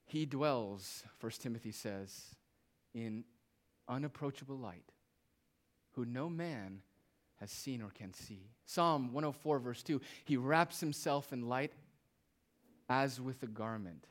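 A male pastor preaching a sermon, moving between loud, emphatic phrases and quiet, hushed asides. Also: medium pitch, slow, pauses often.

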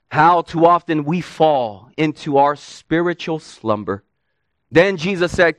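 A man's voice: a little high, animated, a little slow, no echo. A male preacher giving an expository sermon, earnest and emphatic, often asking rhetorical questions.

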